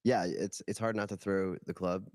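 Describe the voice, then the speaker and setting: Relaxed male co-host, deep voice, dry close mic. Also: moderate pace, no echo. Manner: laid-back, short agreeing replies. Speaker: podcast co-host. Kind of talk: casual chat.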